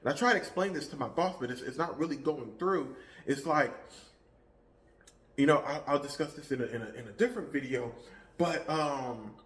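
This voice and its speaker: A man's voice: fairly high pitch, normal speed, fairly bright tone. A man talks loosely into the camera for his fitness vlog. His sentences wander and often restart, with lots of filler words, in an unscripted chat. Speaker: fitness vlogger. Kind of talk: casual vlog monologue.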